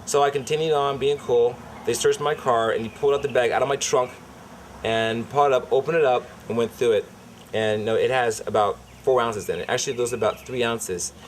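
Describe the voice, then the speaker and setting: A man recounting a police traffic stop, acting out the officer's shouting in a lively storytelling voice. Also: medium pitch. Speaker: dispensary promoter recounting an arrest.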